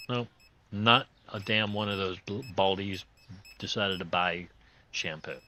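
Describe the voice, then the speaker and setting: A man with a hoarse voice that is still recovering, hosting a video game playthrough with rambling, joking casual commentary in folksy, loose grammar. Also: lowish voice, slow, pushed and bright. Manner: joking, rambling, chuckles often. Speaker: host playing a video game.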